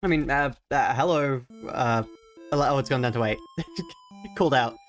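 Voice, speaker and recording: A man's voice: medium pitch, expressive, moderate pace, faint music behind. Rambling Australian man streaming a game. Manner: rambling and self-mocking, thinks out loud. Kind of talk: live let's-play commentary.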